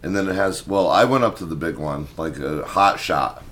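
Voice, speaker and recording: A young man co-hosting a podcast, telling a story in casual, profane chat and loudly acting out what he said back then. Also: low-pitched, moderate pace. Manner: animated, swearing, acts out his own past lines loudly. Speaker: podcast co-host.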